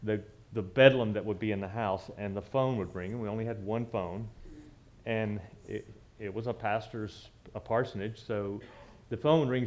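A man's voice: lowish voice, steady tone, moderate pace, a little mellow. A man, telling a personal story from the pulpit in a conversational, reminiscing way with frequent restarts. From southern United States. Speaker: church speaker.

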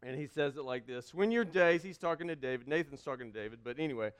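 A man preaching a sermon as pastor, reading scripture aloud, with sudden shifts between loud emphasis and quiet asides. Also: medium pitch, expressive, quick pace, few pauses, clean tone.

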